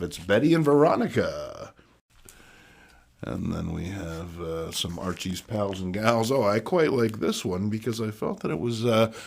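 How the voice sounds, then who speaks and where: A man's voice: fairly low pitch, creaky. A man hosting a casual show about his old comics, folksy and playful, with many fillers. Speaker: host.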